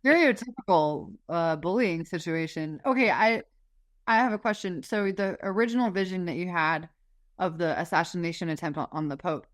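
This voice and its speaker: Low-voiced woman asking questions. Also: moderate pace, no echo, clean studio sound. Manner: brief reactions and direct questions. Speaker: podcast host. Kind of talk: casual interview.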